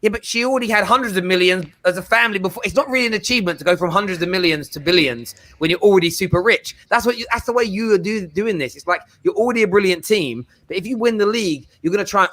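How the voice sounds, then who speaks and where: Man, football show host, high bright voice, very fast, argumentative banter. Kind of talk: casual live football chat show.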